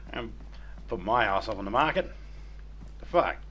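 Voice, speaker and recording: A man's voice: on the low side, bright, forceful tone, slight background noise. An Australian man chatting casually while streaming a game, crude and swearing heavily as he tells stories. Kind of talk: casual chat while gaming.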